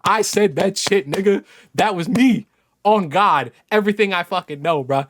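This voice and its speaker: A man doing casual reaction commentary, exasperated and incredulous, swearing and swinging from muttering to loud outbursts. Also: sits high, moderate pace. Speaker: gaming YouTuber reacting to a response video.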